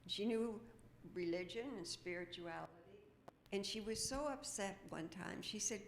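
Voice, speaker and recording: A woman minister delivers a sermon from the pulpit. She keeps it conversational and full of stories, breaking off into casual asides, at an ordinary middle pitch. A faint hiss sits under the recording. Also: roomy sound. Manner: chatty, storytelling, quick asides. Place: church sanctuary. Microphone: microphone with feedback.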